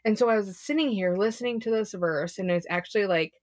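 A woman's voice: medium pitch, quick pace, dry recording, clean studio sound. A young woman co-hosting a podcast, giving a casual faith devotional talk in an earnest, chatty way full of "like". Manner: earnest, chatty, heavy filler "like".

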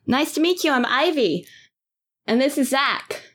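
A woman's voice: high-pitched, expressive, unhurried, a bit bright. Woman doing a brash Boston boat driver. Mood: friendly. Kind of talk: tabletop role-play voice.

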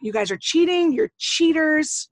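A woman's voice: sits high, lively intonation, measured pace, dry recording, pitched above the performer's own voice. A woman voicing her angry nine-year-old son, accusing others of cheating. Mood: indignant. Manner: accusing, indignant complaints.

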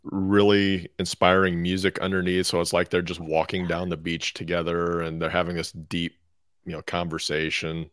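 A man on a radio show crew, dropping deadpan quips into the banter. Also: low voice, normal speed, no room sound, clean studio sound. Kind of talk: casual studio banter.

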